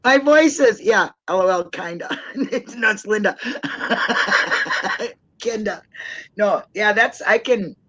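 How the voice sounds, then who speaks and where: A woman co-hosting an online support chat, joking and laughing a lot, with a naturally low voice that she pushes up higher when she talks. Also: slow pace, pauses often, a bit bright, slightly rough, lo-fi sound. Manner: laughs often, chatty and joking. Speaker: co-host of an online support talk. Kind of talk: casual live-stream chat.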